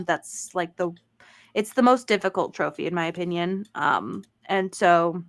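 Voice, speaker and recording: A woman's voice: fairly low pitch, fairly bright tone. A woman co-hosting a gaming podcast, chatting casually with lots of fillers and laughter. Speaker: podcast co-host. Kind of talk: casual chat.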